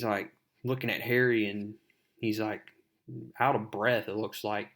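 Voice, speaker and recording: A man's voice: mid-range voice, flat delivery, moderate pace, a bit bright. A man hosting a casual comic book recap, talking in a loose, rambling way. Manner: loose, rambling, many "I mean" fillers. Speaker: comic book video host.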